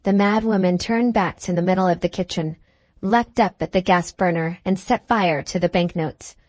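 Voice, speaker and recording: Brief: low-pitched woman narrator, measured dramatic reading, dry close-mic audiobook. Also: darkish tone, no echo. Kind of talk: scripted narration.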